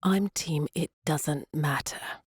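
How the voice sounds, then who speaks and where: A woman voicing a reserved young Englishman in an audiobook, his English accent dry and understated, pitched low and a bit hollow and distant. The delivery is crisp and unhurried, with very little room sound. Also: lively intonation, a little mellow, dry recording. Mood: dry teasing.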